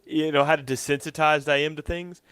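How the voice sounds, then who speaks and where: A man's voice: on the high side, flat delivery, fairly quick, a bit bright, clear, resonant tone, no room sound. A man hosting a sports show, talking in an easygoing, casual way with a dry, amused tone. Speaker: host.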